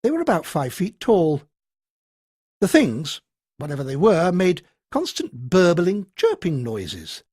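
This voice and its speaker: Expressive male audiobook narrator, slightly husky. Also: a little high, no echo, clean studio sound. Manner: dramatic, expressive storytelling. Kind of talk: scripted narration.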